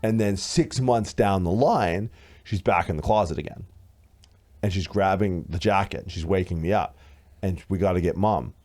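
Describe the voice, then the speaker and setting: A man in his thirties co-hosting a podcast, telling a story in casual chat, animated and swearing, acting out what others said. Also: low-pitched, normal speed. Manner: animated, swearing, acts out quoted voices loudly. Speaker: podcast co-host.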